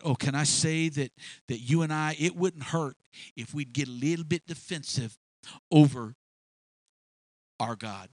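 A male preacher giving a sermon, retelling a story in an animated way with many restarts and repeated words. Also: fairly high pitch, measured pace, pauses often, no echo.

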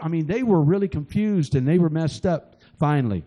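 A man's voice: a little high, expressive, a little fast, dark tone, poor audio. A middle-aged man preaching a sermon, retelling a story with emotional, rising and falling delivery and frequent repetitions.

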